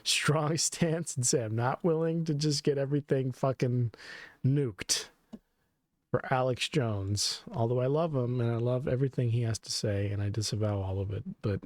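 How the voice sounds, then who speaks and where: A man's voice: medium pitch, normal speed, darkish tone, dry recording. A man co-hosting a casual podcast chat, talking in rambling, sarcastic runs and laughing often. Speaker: podcast co-host.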